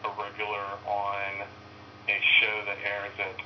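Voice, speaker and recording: A man's voice: on the low side, monotone, unhurried. A man calling in as a guest, answering politely and wryly with lots of hesitations. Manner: hesitant, polite, many uhs and restarts, wry. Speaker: guest on phone. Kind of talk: casual phone interview. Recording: phone line with clear noise.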